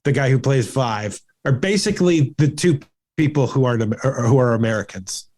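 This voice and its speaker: A man's voice: medium pitch, expressive, brisk, darkish tone. A man co-hosting a casual movie podcast, talking in long rambling runs full of restarts and fillers. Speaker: podcast co-host. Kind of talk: casual chat.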